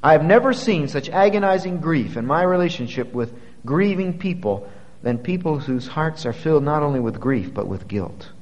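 A male preacher delivers a sermon, his voice ringing with a long hall reverb. He moves from hushed, low passages to loud, high-pitched peaks when quoting scripture. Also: lively intonation, normal speed, dull audio.

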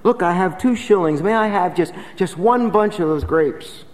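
A woman's voice: on the low side, animated, moderate pace, a little mellow, big-room sound, voice pushed up, natural voice. A man playing a poor mother who pleads for her sick child, acted in a raised, urgent voice. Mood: pleading. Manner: pleading, breathless.

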